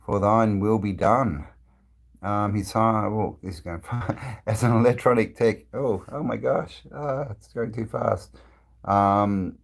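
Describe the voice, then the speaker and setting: A man with a very low voice hosts a casual live stream, answering viewers' comments as they come in. He rambles at a relaxed pace, trailing off and restarting his sentences with plenty of fillers. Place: indoors, travelling.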